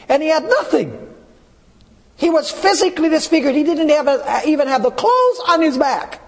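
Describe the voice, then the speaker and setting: Male preacher, high voice, reads verses slowly and quizzes the congregation. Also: very animated, long reverb tail. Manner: reads scripture aloud slowly, asks the audience questions. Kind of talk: sermon.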